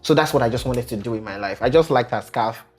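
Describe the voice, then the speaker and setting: Young Nigerian man, radio presenter, animated and playful, faint music behind, mid pitch. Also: quick pace. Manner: animated, laughs often, playful. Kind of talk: casual interview chat.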